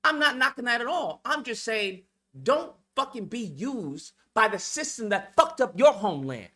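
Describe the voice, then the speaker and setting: A man's voice: very high voice, sing-song, moderate pace, sharp tone. A man delivering a profane, confrontational rant to the camera for his video channel. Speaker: YouTube commentator. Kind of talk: ranting vlog monologue.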